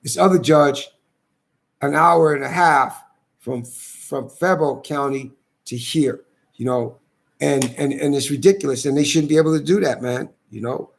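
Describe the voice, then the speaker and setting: A man's voice: a little high, moderate pace, gravelly. A man, agitated and repetitive, swearing as he rambles through a complaint. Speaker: vlogger airing a grievance. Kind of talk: angry rambling monologue.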